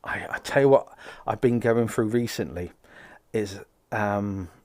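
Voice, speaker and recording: A man's voice: fairly low pitch, a little slow, darkish tone. A man hosting a live psychic stream, greeting viewers by name and chatting casually between asides.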